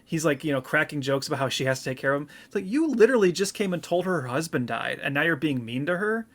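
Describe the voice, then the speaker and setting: Guy cohosting a movie podcast, kinda high voice, chatty, says like a lot. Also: fast. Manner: animated, laughing, many "like"s. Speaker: podcast co-host. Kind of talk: casual chat.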